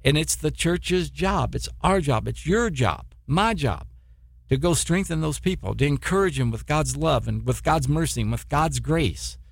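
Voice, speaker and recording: A man's voice: on the high side, lively intonation, moderate pace, vocal fry, no echo, clean studio sound. A middle-aged man preaching a sermon in a folksy way, with stammering restarts and many repetitions. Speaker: preacher, former military missionary.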